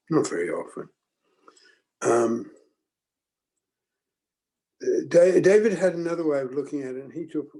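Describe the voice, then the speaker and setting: An older man talks slowly and thoughtfully to a group, with frequent pauses and restarts. His voice is gravelly and husky, with a dark, mellow tone. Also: medium pitch, low-quality recording. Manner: slow, halting, with many ums and restarts. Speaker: teacher leading a forum. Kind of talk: reflective group teaching talk.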